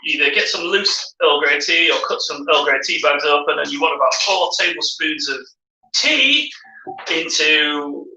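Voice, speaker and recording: A man chats his way through a cocktail recipe from his home bar, explaining each step. His voice is very bright, mid in pitch. The room is echoey and he stands back from the mic. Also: expressive, normal speed, recorded from a distance. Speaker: host and bartender. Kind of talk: casual live-stream chat.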